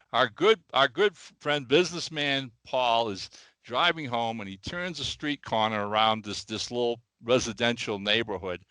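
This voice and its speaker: A man co-hosting a casual podcast, animated and quick to restart his sentences. His voice is bright and forceful in a mid range. The sound is close and dry, with no room echo. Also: medium pitch. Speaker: podcast co-host. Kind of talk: casual podcast chat, telling a joke. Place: studio.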